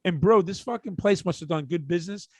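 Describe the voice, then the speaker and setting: A man's voice: high-pitched, fairly quick, no room sound. A man co-hosting a podcast, telling crude stories casually, laughing at them and chiming in with jokes. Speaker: podcast co-host. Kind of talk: casual profane storytelling.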